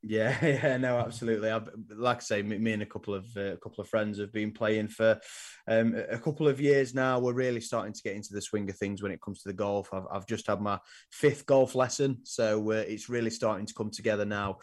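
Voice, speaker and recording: A young man hosting a sports podcast, rambling with lots of ums and restarts, often trailing off quietly. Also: lowish voice, fairly even intonation, fairly quick. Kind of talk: casual sports chat.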